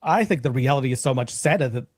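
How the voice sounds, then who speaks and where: A man co-hosting a podcast, speaking in a measured, thoughtful way. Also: mid-range voice, expressive, darkish tone, no echo. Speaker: podcast co-host. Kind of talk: casual podcast chat.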